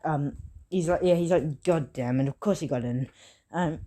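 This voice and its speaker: A woman's voice: low-pitched, moderate pace, mellow. A woman improvising a fan story aloud, rambling with many fillers and self-corrections.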